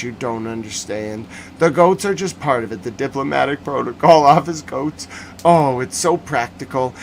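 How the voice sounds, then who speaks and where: A man hosting a casual livestream news recap, talking in an animated, joking, rambling way. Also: medium pitch, slight background noise. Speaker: news commentary host.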